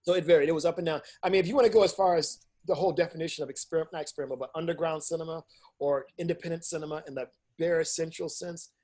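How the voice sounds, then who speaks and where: A middle-aged man, an independent filmmaker and teacher, telling stories in a casual interview, animated and blunt, swearing freely and acting out what people said. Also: a little high, rapid-fire.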